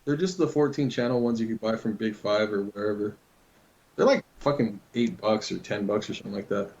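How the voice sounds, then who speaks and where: A man's voice: lowish voice, brisk, a little mellow. Profane, rambling man on a muffled recording. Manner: loose, profane storytelling. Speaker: podcast co-host telling a prank story. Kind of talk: casual chat. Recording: dull lo-fi recording.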